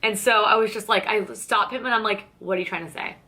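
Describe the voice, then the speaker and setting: A young woman with a bright, forward voice talks straight to the camera while doing her makeup. She is candid and sarcastic, swears freely, and plays both sides of a conversation as she tells the story. Her pitch stays in an ordinary middle range. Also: fast. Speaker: beauty vlogger. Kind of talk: casual chatty get-ready-with-me storytelling.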